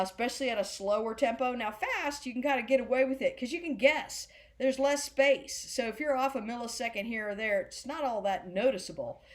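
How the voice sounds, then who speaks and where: A woman teaching a drum class, chatting loosely and chanting rhythm words slowly in time. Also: fairly high pitch. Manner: chatty, rambling explanations. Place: senior center class room.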